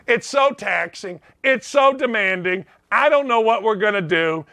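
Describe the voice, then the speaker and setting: A man's voice: high-pitched, expressive, unhurried, gravelly, sharp tone, dry recording, exaggerated voice. A man putting on a whiny male pro athlete who complains about being overworked. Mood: whining. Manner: mocking, complaining.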